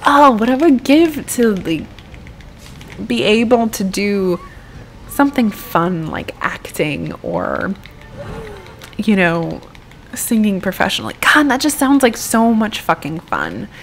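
A woman's voice: mid-range voice, big pitch swings, slow, a little hiss or hum. A young American woman giving casual, rambling gameplay commentary and swearing freely as she plays. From United States. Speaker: gaming YouTuber.

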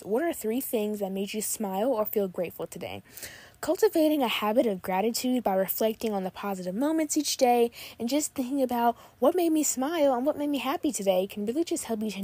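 Young woman podcaster, super gushy and bubbly, says literally a lot, warm mellow voice, dry sound. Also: a little high, breathy edge, dry recording. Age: young adult. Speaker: podcast host. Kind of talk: casual podcast chat.

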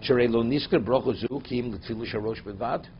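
A man's voice: mid-range voice, brisk, lo-fi sound, a little hiss or hum. Man teaching a text-based halacha class. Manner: reads Hebrew text aloud, then explains it in English. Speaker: Torah teacher.

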